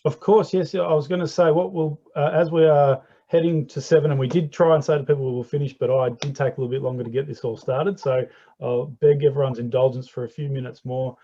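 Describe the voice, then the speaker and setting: Male forum host, hesitant and friendly, mellow voice, muffled call sound. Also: mid-range voice, steady tone, fairly quick. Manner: hesitant, many fillers, friendly. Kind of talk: hosting an online forum. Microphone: video call. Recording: dull lo-fi video call audio.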